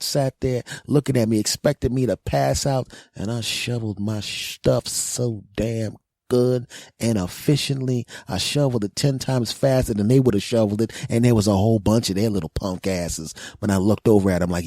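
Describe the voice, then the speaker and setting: A man's voice: mid-range voice, normal speed, darkish tone, no echo, clean studio sound. A man in his forties hosting a podcast, delivering a profane, mocking comedic rant. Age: 40s. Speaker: podcast host.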